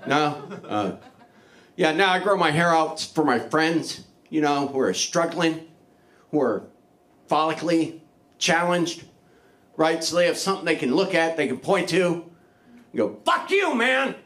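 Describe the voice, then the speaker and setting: A middle-aged man works an open mic crowd with crude, rambling, self-mocking stand-up and shouts his punchlines. His voice sits high and sounds bright and forceful through a handheld stage mic in a small club. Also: measured pace, pauses often. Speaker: stand-up comedian.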